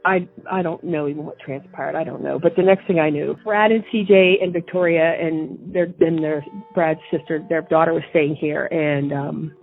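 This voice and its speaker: A woman's voice: low voice, steady tone, moderate pace, few pauses. Indignant woman on a tinny phone line. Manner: indignant, with repetitions and restarts. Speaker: interview guest recounting events. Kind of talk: personal storytelling.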